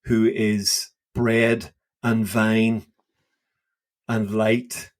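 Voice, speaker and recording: A man's voice: on the low side, flat delivery, very slow. A man co-hosting a podcast, talking through a Bible passage with enthusiasm and often repeating words as he thinks aloud. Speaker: podcast co-host. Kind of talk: casual Bible discussion.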